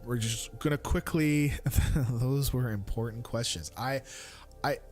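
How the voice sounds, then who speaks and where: A man's voice: a little slow, a little mellow, soft background music. A man in his thirties chatting casually on a live stream, rambling with fillers and restarts. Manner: high squeaky voice when quoting his young son.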